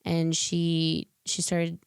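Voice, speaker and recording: A woman's voice: fairly low pitch, completely flat delivery, very slow, gravelly, clear, resonant tone, no echo, studio quality. A woman guest on a podcast, telling a personal story in an earnest, heartfelt way with loose, filler-filled speech.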